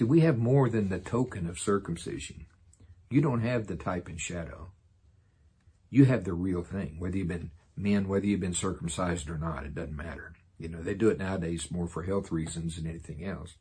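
A man preaching a sermon in a lively way, laughing often and acting out quoted voices. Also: low-pitched, moderate pace, husky.

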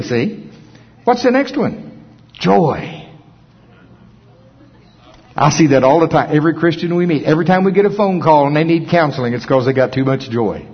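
A man preaching a sermon in a church service, animated, swinging from loud bursts to soft asides. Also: medium pitch, moderate pace, husky. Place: church hall. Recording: muffled sound in a long-echo hall.

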